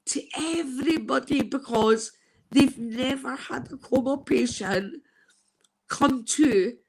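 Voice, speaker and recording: A Scottish woman from Scotland telling an emotional personal story, halting and tearful. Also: high-pitched, rough recording.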